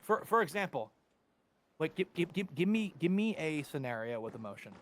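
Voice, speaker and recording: A man playing a game on a livestream, excitable and swearing in casual chat. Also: a little high, normal speed. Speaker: co-player on a livestream.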